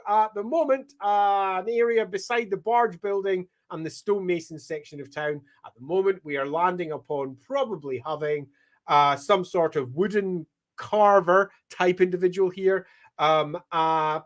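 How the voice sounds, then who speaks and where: A Scottish man hosting a casual livestream, thinking aloud with frequent ums and greeting viewers by name. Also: sits high. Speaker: livestream host. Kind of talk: casual livestream chat while mapping.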